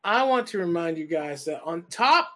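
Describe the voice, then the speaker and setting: A man's voice: a little high, animated, normal speed, a bit bright. A man on a casual podcast panel, joking profanely in a sing-song way. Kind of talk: casual group chat.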